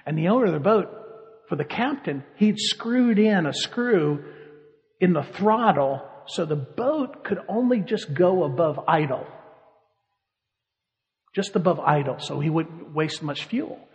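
A man preaching, telling a lively story with animation and frequent laughter. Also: high-pitched, a little slow, big-room sound. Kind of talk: sermon storytelling.

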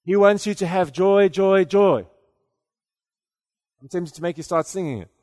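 A man's voice: sits high, a little slow, darkish tone, big-room sound. A man preaching a sermon in a conversational way, often repeating words and then rising to emphatic declarations.

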